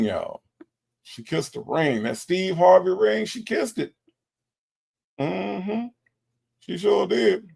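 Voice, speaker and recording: Casting: male livestream host, gravelly voice, sassy and emphatic, repeats his punchlines. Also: high-pitched, slow pace, pauses often, a little mellow. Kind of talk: livestream commentary reading chat.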